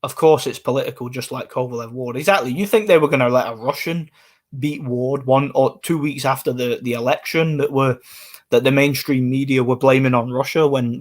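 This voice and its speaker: A man hosting a live stream, giving his opinions in a casual monologue. He is emphatic and often repeats words and restarts. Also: mid-range voice.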